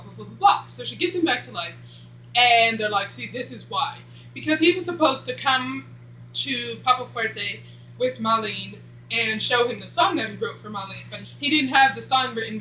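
Fields: Sex: woman. Role: TV reviewer. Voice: bright. Style: rambling casual recap. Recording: echoey room, faint hum. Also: fairly high pitch. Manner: rambling, skips dialogue with repeated "blah". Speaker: TV show reviewer.

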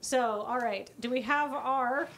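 A woman running a live charity stream, briskly calling out one challenge after another. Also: on the high side, fairly bright tone. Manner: brisk, calls out instructions, playful. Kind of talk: fast live stream hosting.

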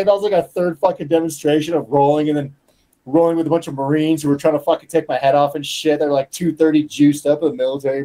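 A man telling stories on a casual podcast, profane and animated, acting out the quotes in them. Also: on the high side. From Colorado. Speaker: guest fighter.

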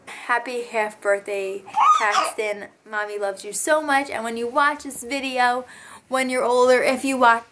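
A woman's voice: a little high, sharp tone. A young woman, a mother, talking casually to her camera in a family vlog, gushing and sentimental about her baby. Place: home and car.

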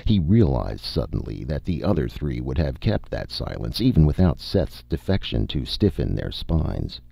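Brief: male audiobook narrator, very deep voice, lively intonation, dry dull recording. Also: vocal fry, no echo. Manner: measured storytelling read. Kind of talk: scripted narration.

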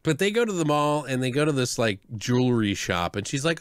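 A man co-hosts a horror podcast and retells a movie in loose, rambling chat. His voice sits at an average pitch, and he laughs and curses as he goes. The mic sound is close and dry. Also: sing-song, a little fast, smooth, no echo. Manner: rambling, laughs often, swears, mimics characters. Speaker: podcast co-host. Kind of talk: casual movie review chat.

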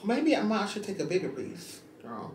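A woman's voice: medium pitch, very animated, moderate pace. A young woman co-hosting a mukbang in casual chat, talking playfully and drawing out her words. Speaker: mukbang co-host. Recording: roomy echo, faint noise.

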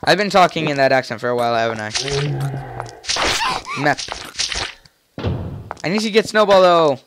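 A man's voice: on the high side, expressive, normal speed, very noisy. A man casually commenting while playing a video game, joking and rambling to himself in a playful way. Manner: playful, rambling, jokey asides. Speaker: let's play gamer. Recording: game music behind the voice. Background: game music.

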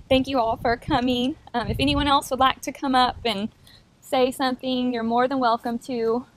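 A woman's voice: sits high, level tone, normal speed. A woman paying tribute to her father in a church, reading a poem earnestly while holding back tears. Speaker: daughter giving a tribute.

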